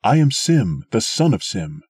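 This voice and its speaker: A man's voice: on the low side, very animated, unhurried, a little mellow, slightly rough, dry recording, studio quality, pitched above the performer's own voice, heavily acted. A man voicing an earnest, determined young man in a storybook reading, speaking with raised urgency. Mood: urgent.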